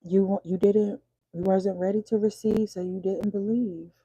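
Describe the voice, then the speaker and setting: Gravelly woman reading tarot. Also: mid-range voice, fairly even intonation, moderate pace, mellow, no echo, rough recording. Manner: preachy slangy talk, drops to whispers. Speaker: tarot reader. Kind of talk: casual tarot reading monologue.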